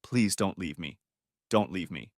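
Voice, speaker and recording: A man's voice: on the high side, big pitch swings, normal speed, a bit bright, no echo, studio quality, pitched above the performer's own voice. A man voicing a desperate wife who was caught cheating, pleading tearfully with her husband.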